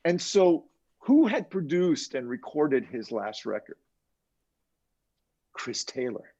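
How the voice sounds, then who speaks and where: An older man, a mixing engineer, telling animated anecdotes in a casual interview and chuckling as he quotes others. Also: mid-range voice. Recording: dull lo-fi sound.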